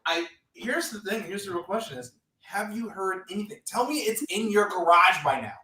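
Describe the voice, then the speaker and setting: Golf stream host dude, swears a lot, acts out quotes, sounds far off in an echoey room. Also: male voice, high-pitched, moderate pace, slight background noise. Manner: animated storyteller, swears freely, acts out quotes. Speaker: podcast host. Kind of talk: casual golf chat. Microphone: remote stream mic.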